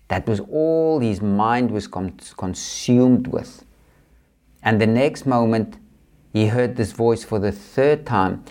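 A man's voice: lowish voice, expressive, measured pace, darkish tone. A man from Africa, hosting a podcast and telling a motivational story in an earnest, repetitive way. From South Africa. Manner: earnest, repetitive, builds emphasis. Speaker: podcast host.

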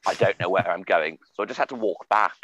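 A man and comedian guest on a podcast, telling comic stories with animated delivery and stumbling restarts. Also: sits low, fast talker, no echo, dull audio.

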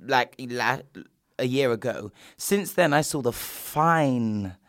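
Young guy, bright edgy voice, dry close mic, rambling podcast chat with lots of fillers. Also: mid-range voice, expressive, slow, no room sound. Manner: chatty, jokey storyteller with frequent fillers. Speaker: podcast co-host. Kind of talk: casual chat.

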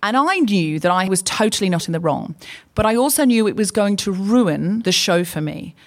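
Woman, comedy podcast co-host, mid-pitched voice, animated, self-mocking storytelling. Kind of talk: comic storytelling on a live podcast.

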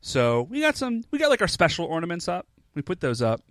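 A man's voice: on the high side, huge pitch swings, fairly quick, fairly bright tone, no room sound. A young man co-hosting a podcast in casual chat, laid-back and peppering his talk with "like". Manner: laid-back, says "like" often. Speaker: podcast co-host.

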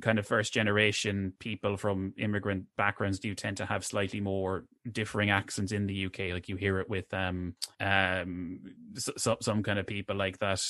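Hesitant man, dry and bright. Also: lowish voice, level tone, normal speed, few pauses, dry recording. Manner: hesitant, many restarts and stammered repeats. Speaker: podcast co-host reviewing a film. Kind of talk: casual chat.

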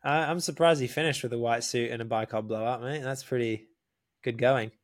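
A man telling a story in casual podcast chat, animated, swearing often and calling the listener mate. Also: medium pitch, brisk. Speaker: podcast guest.

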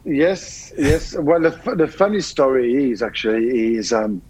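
A man's voice: mid-range voice, a little slow, slight background noise, rough recording. A middle-aged man with a French accent, a guest chef chatting in an interview and telling stories with repeated words as he searches for them. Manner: animated storyteller, repeats words while searching. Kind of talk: casual interview conversation.

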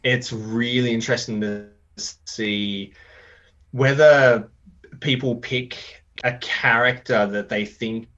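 Brief: male teacher and game runner, lively anecdote teller who slips into quoted voices, muffled lo-fi recording. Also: medium pitch, slow pace. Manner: animated, acts out quoted voices, many fillers. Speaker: teacher running tabletop games for students. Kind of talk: casual storytelling in a podcast chat. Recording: dull lo-fi sound.

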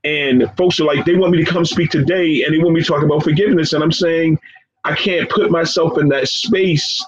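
A man being interviewed as a guest, speaking earnestly and with deep emotion, often repeating phrases and calling his listener "man.". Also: fairly even intonation, fairly quick. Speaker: guest, professor and founder of a forgiveness organization. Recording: dull lo-fi sound with faint background noise.

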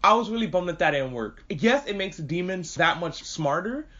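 A man giving a casual spoken anime review, excitable and profane, gushing over what he watched. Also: sits high, normal speed. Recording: dull lo-fi recording.

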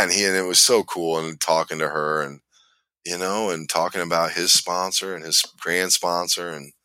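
A podcast host with a deep voice, pushed and bright, tells a long personal story in casual chat, rambling, restarting often, and laughing as he goes. The recording has no echo.

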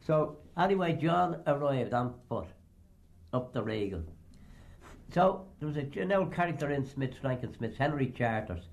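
An older man reminisces about old pranks in a rambling, anecdotal way. His pitch sits squarely in the ordinary male range, and he slips into the voices of the people he quotes. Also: lively intonation, normal speed, gravelly. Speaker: storyteller. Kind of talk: oral history reminiscence.

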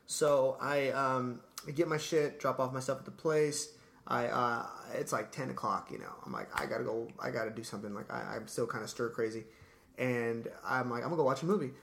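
A man's voice: medium pitch, vocal fry, fairly bright tone, a little hiss or hum. A man casually telling a long story in a podcast chat, laid-back and profane, dropping "dude" and "like" constantly.

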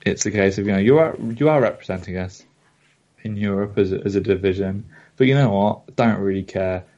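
A man's voice: fairly low pitch, a little fast, mellow. A man co-hosting a football podcast, jokey and hesitant, with plenty of fillers. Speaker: podcast co-host. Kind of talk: casual football podcast chat. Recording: dull lo-fi audio.

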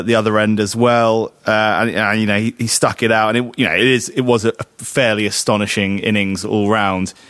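Male podcast co-host, low-pitched, halting delivery with restarts, dry close recording. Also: fairly bright tone, clean tone, no room sound. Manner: halting, many restarts and fillers. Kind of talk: casual cricket chat.

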